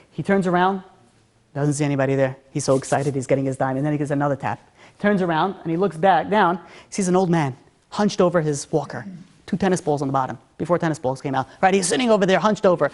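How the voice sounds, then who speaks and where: A man, a rabbi, telling a story in an animated, conversational way. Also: on the high side, fast. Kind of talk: storytelling talk.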